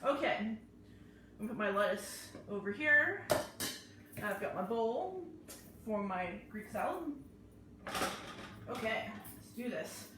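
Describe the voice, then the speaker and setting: Woman doing a live cooking class, chatty, slightly high voice, slow talker, super echoey kitchen with the mic far off. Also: expressive, noisy background. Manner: chatty, talks through each step.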